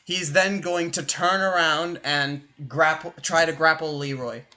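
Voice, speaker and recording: Bright-voiced young man running a tabletop game. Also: fairly high pitch. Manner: animated, fast, filler-heavy. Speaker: game master.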